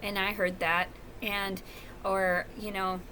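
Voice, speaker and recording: Woman, mid-range pitch, rambling, profane, confessional, home vlog. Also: level tone, slow pace, sharp tone, slight background noise. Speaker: vlogger. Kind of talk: casual rambling monologue. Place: at home, indoors.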